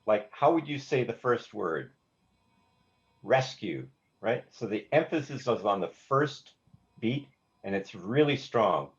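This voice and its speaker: With a medium-pitched voice that's expressive and unhurried, a man teaches songwriting, covering note values through live demonstration. He hesitates, restarts words, and sings the rhythms on "da"; the class recording is slightly dull and lo-fi with faint instrument playback.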